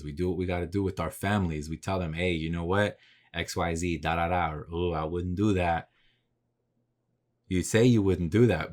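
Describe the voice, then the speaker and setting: A man talking straight to camera in a casual, rambling motivational monologue, full of swearing and repeated rhetorical questions. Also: low-pitched. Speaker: vlogger. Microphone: camera mic.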